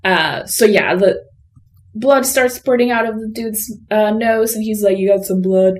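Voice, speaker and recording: A woman's voice: on the high side, measured pace. A woman co-hosting a podcast, casually retelling a film plot in a rambling way, full of fillers. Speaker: podcast co-host. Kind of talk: casual chat recapping a film.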